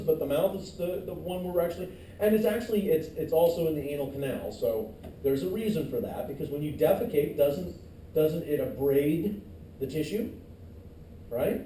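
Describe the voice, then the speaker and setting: Joking high-voiced male teacher lecturing. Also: dark tone, a little hiss or hum. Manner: joking asides, quizzes the class. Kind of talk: classroom lecture. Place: classroom. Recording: echoey classroom from far off.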